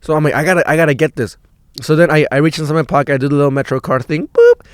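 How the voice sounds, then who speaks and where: A young man hosting a podcast and telling a story in a rambling, profane, excitable way, full of filler words. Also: fairly high pitch, racing, smooth, no echo, clean studio sound. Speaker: podcast host.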